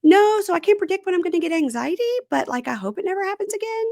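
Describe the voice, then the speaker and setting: A woman voicing a young woman who apologizes nervously, high and hesitant with lots of fillers. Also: animated, quick pace, vocal fry, dark tone, dry recording, studio quality, full character voice. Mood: nervous apology.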